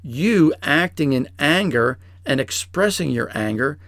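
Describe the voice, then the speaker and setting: A man with a gravelly, creaky voice preaches in a relaxed, conversational way. He tells stories and jumps into quoted voices. The sound is dry and close. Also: a little slow, dry recording. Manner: storytelling, acts out quoted voices in a high pitch. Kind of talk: sermon-style teaching.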